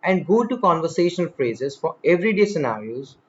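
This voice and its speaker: Man, English teacher, fairly high voice, slow deliberate delivery, exaggerated word stress, slightly muffled recording. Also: big pitch swings. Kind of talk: spoken English lesson.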